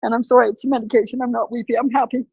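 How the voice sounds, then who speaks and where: A woman's voice: a little high, level tone, rapid-fire, vocal fry, a little mellow, husky, dry recording, poor audio. A woman sharing on a video call while weepy, laughing through tears and apologizing for crying. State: tearful, weepy. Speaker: group call participant.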